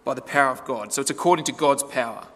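A man's voice: mid-range voice, fast talker, fairly bright tone. A man preaching a sermon in a conversational way, asking the listeners rhetorical questions. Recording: long hall reverb.

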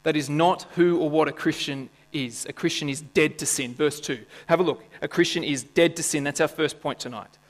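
A man's voice: fairly high pitch, moderate pace. Male pastor preaching in a reverberant church. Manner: conversational, asks the congregation questions; playful asides and jokes. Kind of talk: sermon. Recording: church hall with long reverb and mains hum.

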